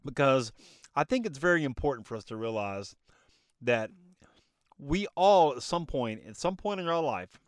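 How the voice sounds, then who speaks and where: A man's voice: medium pitch, expressive, normal speed, no room sound, clean studio sound. A man hosting a motivational podcast, recorded on a phone in his car, speaking in an emphatic, preachy way with a slightly choked-up throat. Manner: preachy, emphatic, asks himself rhetorical questions. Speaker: podcast host. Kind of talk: motivational monologue.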